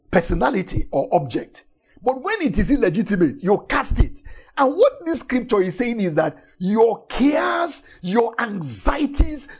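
A man preaching a sermon emphatically, repeating phrases and swinging between shouted emphasis and soft, intimate lines. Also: high-pitched, husky.

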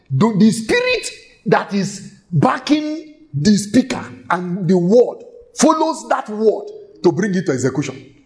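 A man preaching a sermon in a church, emphatic and shouting at times, repeating phrases rhythmically and laughing between lines. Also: high voice. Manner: shouting, emphatic, with sudden exclamations.

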